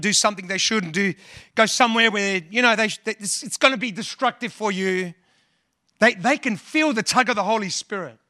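Brief: male pastor delivering a sermon, earnest, repeats himself, bright and forward tone. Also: high voice, no room sound, clean studio sound. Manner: earnest, repeats words, quotes scripture and hymns.

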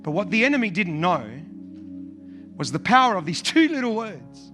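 A man's voice: high voice, big pitch swings, brisk, over music. A male pastor preaching a sermon with impassioned, repetitive emphasis.

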